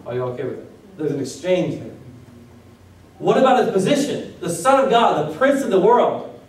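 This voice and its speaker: A man's voice: high voice, big pitch swings, normal speed. A man preaching a sermon as pastor, firing off rhetorical questions at his congregation. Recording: very echoey room, voice from a distance.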